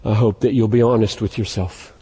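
A man preaching a sermon as pastor, emphatic and slowing down to stress key words. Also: on the low side, steady tone, mellow, husky. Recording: long hall reverb.

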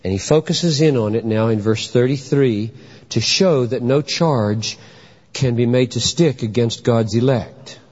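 A man preaches a sermon with emphatic drama, acting out courtroom scenes as he teaches. His voice is medium-pitched, a little slow, slightly mellow, and husky, captured in an echoey hall with dull lo-fi sound.

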